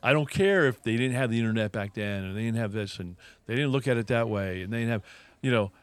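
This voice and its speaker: A man in a relaxed conversation, telling a story with earnest emphasis. His pitch sits in an ordinary middle range, and he often restarts phrases before pressing a point home. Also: fast, clean tone, no echo. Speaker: podcast co-host. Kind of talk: casual storytelling chat.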